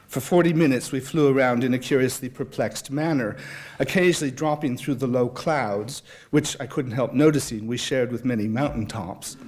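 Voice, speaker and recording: A man speaking at a public talk, mixing anecdote with reading aloud. His telling is wry and self-deprecating, with a mid-pitched voice. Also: moderate pace, darkish tone. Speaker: guest speaker. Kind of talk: humorous storytelling and reading aloud.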